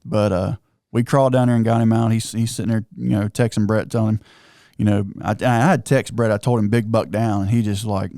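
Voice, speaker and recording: A man telling a hunting story on a podcast, excited and animated, acting out what everyone said. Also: fairly low pitch, a little fast, few pauses, no room sound, clean studio sound. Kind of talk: casual storytelling chat.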